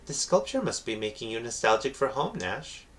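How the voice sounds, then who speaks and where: A man voicing a gentle, naive young woman in a soft, gushing tone. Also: medium pitch, very animated, normal speed.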